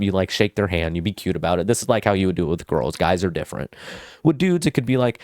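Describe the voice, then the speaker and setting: A man's voice: sits low, expressive, racing, a little mellow, dry recording, clean studio sound. A young man vlogging casual social advice, goofy and full of swearing and fillers. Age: young adult.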